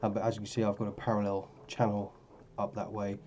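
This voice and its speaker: A man's voice: fairly low pitch, flat delivery, fast, a little mellow, muffled recording, slight background noise. A tired man talking casually through his trading charts, rambling and correcting himself as he goes. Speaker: forex trading vlogger. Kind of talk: casual screen-share commentary.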